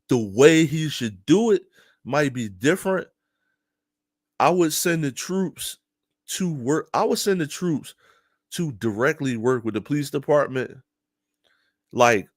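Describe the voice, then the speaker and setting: A man from Philadelphia giving casual, animated opinion commentary to his viewers, laughing often and talking straight to them. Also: mid-range voice, no echo, clean studio sound. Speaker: news commentary streamer.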